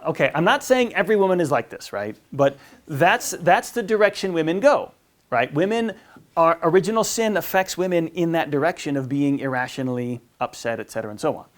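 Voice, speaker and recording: Conversational priest with a higher voice. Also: male voice, expressive, brisk. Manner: conversational, repeats words, acts out quotes. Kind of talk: informal teaching talk.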